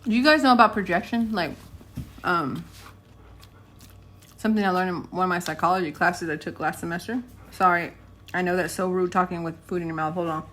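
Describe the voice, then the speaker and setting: A woman's voice: fairly low pitch, fairly quick, pauses often, a bit bright. A young woman, rambling casually to her vlog audience from home and laughing often. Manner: chatty, laughs often, talks to her dogs mid-sentence. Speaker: vlogger. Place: home, indoors.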